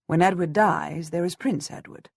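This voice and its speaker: A woman narrating a historical audiobook in the first person, measured and earnest. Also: fairly low pitch, creaky, no echo, clean studio sound.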